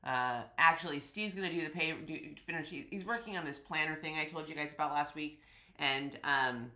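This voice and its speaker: Congested female stream host, bright, lowish voice, echoey room, rambling friendly chatter. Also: moderate pace. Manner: chatty, greets viewers by name, rambling asides. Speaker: host of a live sewing stream. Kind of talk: casual live-stream chat.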